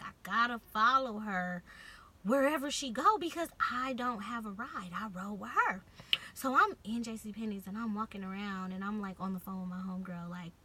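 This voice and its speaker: Animated bright young woman storyteller. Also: mid-range voice. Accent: Californian. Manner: animated, swearing, acts out quotes. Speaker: vlogger. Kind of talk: casual storytime.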